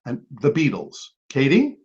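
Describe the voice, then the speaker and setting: A quiz host with a medium-pitched, breathy-edged male voice reads every trivia clue twice, his lively delivery rising and falling a lot. Between questions he drops chatty asides and quick apologies to the teams, all on a dull, lo-fi recording.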